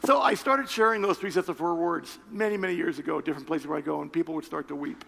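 Gravelly husky male preacher in a hall. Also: fairly high pitch, quick pace. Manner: storytelling, shifts between loud excited retelling and quiet earnest appeals. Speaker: pastor. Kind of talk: sermon. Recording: reverberant hall with faint music.

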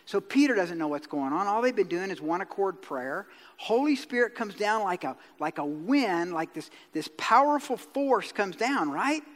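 A man's voice: very high voice, fairly bright tone. A middle-aged man preaching a sermon as pastor, telling a story in a folksy way and acting out the dialogue. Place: church sanctuary. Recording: long reverb of a church hall.

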